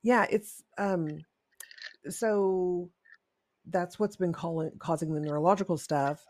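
A podcast co-host in casual chat, laughing along and throwing in quick teasing remarks. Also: mid-range voice, darkish tone, dry recording, studio quality.

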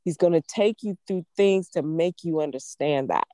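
A woman's voice: low-pitched, moderate pace, warm tone, no echo. A woman preaching a sermon in a fervent, emphatic way, repeating phrases for stress. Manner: fervent, emphatic, with emotional laughs.

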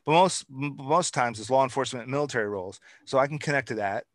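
Man, host, casual conversation, repeats and lists things, dry recording, middle pitch. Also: fast, dry recording. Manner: repetitive, builds points by listing items. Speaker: interview host.

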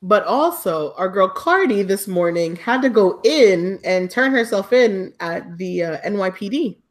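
A woman's voice: medium pitch, animated, unhurried. A woman co-hosting a podcast, chatting casually in a gossipy, slangy way about celebrity news. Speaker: podcast co-host. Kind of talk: casual chat.

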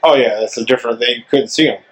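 A man hosting a relaxed outdoor podcast interview, talking in a chatty, joking way. He wanders into rambling asides and keeps the questions loose and playful. His voice sits at an ordinary middle pitch. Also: quick pace, poor audio. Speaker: podcast host. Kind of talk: casual interview chat. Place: outdoors in front of a store.

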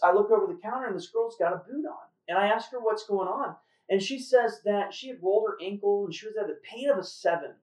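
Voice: mid-range voice, a little mellow. A host telling a faith story in a casual, earnest way, with fillers and restarts. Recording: roomy echo, far from mic.

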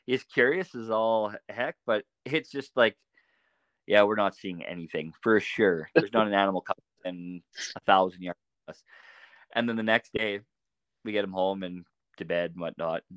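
A man on a podcast as a guest, telling animated anecdotes in a casual way and laughing often. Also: on the low side, normal speed, smooth, no echo. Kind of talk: casual storytelling.

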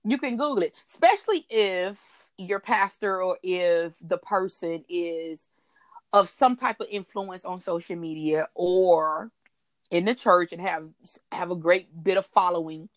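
Chatty low-voiced woman co-host. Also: unhurried, no echo, clean studio sound. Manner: chatty, laughs often, with frequent restarts. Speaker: podcast co-host. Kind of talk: casual faith talk chat.

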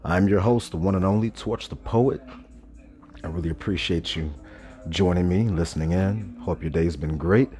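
Deep-voiced stoned man hosting a podcast. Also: a little mellow. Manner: slow, laid-back, with many pauses and self-corrections. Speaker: podcast host. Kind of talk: casual monologue podcast. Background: faint background music.

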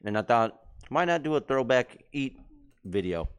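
A man's voice: mid-range voice, big pitch swings, normal speed, clean tone. A man hosting a casual podcast, giving loose hype-man introductions and joking with his friends while he eats. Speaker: podcast host. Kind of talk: casual chat.

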